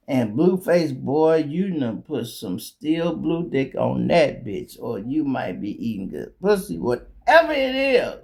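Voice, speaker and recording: A man's voice: medium pitch, vocal fry, darkish tone. A male show host telling a blunt, profane comedic story in a streetwise manner.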